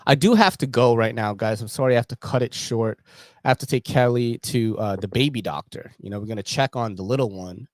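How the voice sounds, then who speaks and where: A young man from the Philippines, his mid-range voice brisk on a dry recording, hosts a casual livestream. He laughs and speaks in slang while telling stories animatedly.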